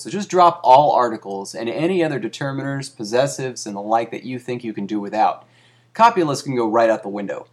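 Dry mock-academic male narrator. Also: medium pitch. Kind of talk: deadpan comic reading of a satirical article.

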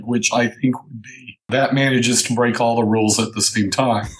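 Deadpan man with dry humor. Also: medium pitch, normal speed, few pauses, low-quality recording. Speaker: podcast co-host. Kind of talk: casual podcast chat.

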